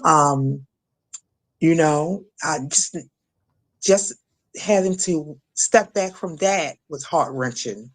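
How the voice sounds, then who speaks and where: Middle-aged woman, interview guest, halting speech, restarts and fillers, personal testimony. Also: low-pitched. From Maryland.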